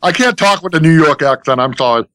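A man's voice: fairly high pitch, lively intonation, quick pace, a bit bright, smooth, no echo. A man in his fifties from Maine, a guest on a podcast, talking earnestly with many hesitations. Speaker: guest, school technology director. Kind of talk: podcast interview.

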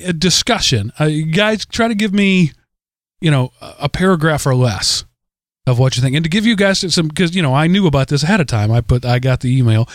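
A man hosting a casual tech podcast. His voice sits a little high and he rambles, restarting his sentences. The mic sound is close and dry. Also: animated, brisk, no room sound. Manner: rambling, full of restarts and fillers. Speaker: podcast host.

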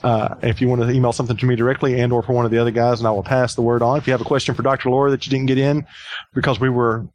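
A man's voice: mid-range voice, little pitch movement, racing, a little mellow. A man co-hosting a podcast in casual, joking chat, rambling a little with fillers as he promotes a listener contest. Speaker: podcast co-host.

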